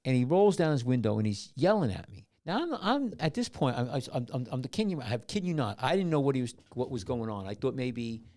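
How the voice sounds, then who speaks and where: A man's voice: mid-range voice, sing-song, fast talker, few pauses, darkish tone. A middle-aged man hosting a podcast, telling a long story in casual chat with many restarts and asides. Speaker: podcast host.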